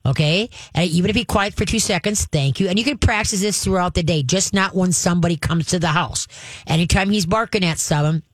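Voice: medium pitch, fairly quick, fairly bright tone, no echo. A dog trainer giving advice in conversation, emphatic and hands-on, often checking in with "all right?" and acting out growls and commands.

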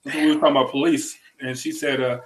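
A man's voice: medium pitch, little pitch movement, quick pace, slight background noise, poor audio. A man hosting a casual chat who talks emphatically, laughs often and repeats his words. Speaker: podcast host.

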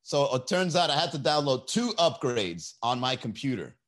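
A man hosting a comedy podcast, talking in a profane, animated, laughing monologue to a live chat. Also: medium pitch, moderate pace. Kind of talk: casual comedy monologue on a livestream. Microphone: desk mic with mixer.

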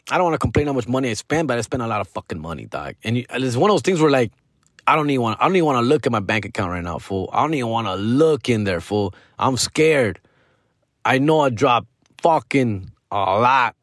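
A middle-aged man hosts a comedy podcast and tells a loose, profane story, peppering it with street slang and Spanish asides. His voice sits at an ordinary middle pitch, and it sounds dry and close. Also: no room sound.

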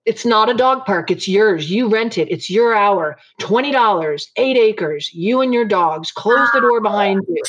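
A woman's voice: medium pitch, animated, unhurried, hardly any pauses. A woman dog trainer in casual conversation, talking emphatically and frankly. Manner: emphatic, frank, acts out dogs' and clients' voices. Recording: slightly dull lo-fi audio.

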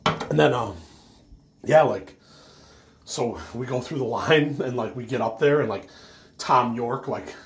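A man's voice: mid-range voice, a little slow, pauses often, a little hiss or hum. Rambling stoned man telling a story. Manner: rambling, fillers, swears, laughs at himself. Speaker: autograph collector telling a story.

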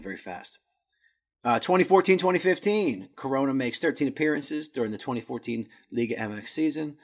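This podcast host has a mid-range, slightly rough voice. He gives a casual rundown of a footballer's career stats, tripping over Spanish words and making jokes at his own expense.

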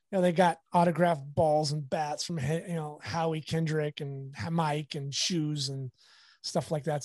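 A man, a sports photographer, telling a candid anecdote with lively asides in a casual interview. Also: fairly high pitch, no echo, clean studio sound.

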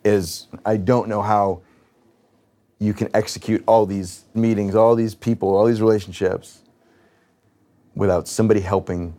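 Man, 30s, low voice, cofounder, candid and hesitant, retells what was said. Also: steady tone, normal speed, long pauses, dark tone. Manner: reflective, hesitant, retells conversations. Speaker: business cofounder. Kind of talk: candid conversation in a therapy session.

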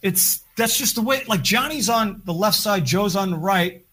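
A man's voice: high voice, animated, moderate pace, noisy background. A man, a podcast guest and record producer, telling stories in a casual, rambling way full of "like" fillers. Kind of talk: casual storytelling.

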